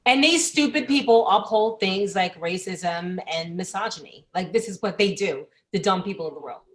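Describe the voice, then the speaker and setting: A woman's voice: mid-range voice, expressive, moderate pace. A woman comedian co-hosting a panel talk show, speaking bluntly and emphatically, with frequent swearing. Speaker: comedian co-host. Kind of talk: casual panel chat.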